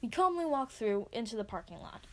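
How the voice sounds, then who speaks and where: A woman reading her own story aloud, expressive as she narrates. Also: on the high side, fairly quick. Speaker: reader.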